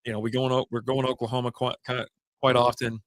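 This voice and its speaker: A man hosting a relaxed happy-hour podcast, talking in a mid-pitched voice. He rambles from one anecdote to the next, drops casual curses, and sounds dry and close to the mic. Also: fast, dry recording. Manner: rambling, jumps between stories, swears casually. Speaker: podcast host. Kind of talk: casual beer chat.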